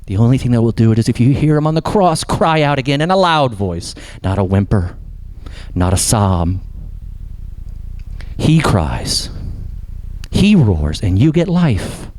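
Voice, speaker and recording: A man preaching a sermon as pastor, impassioned and dropping low for emphasis. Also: big pitch swings, normal speed, long pauses, a little mellow.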